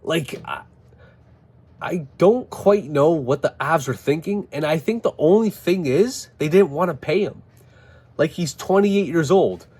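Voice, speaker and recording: A man delivers a casual, swearing-filled hockey rant, animated and openly incredulous. His voice is somewhat high for a man and has a husky edge. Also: moderate pace. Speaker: hockey commentator.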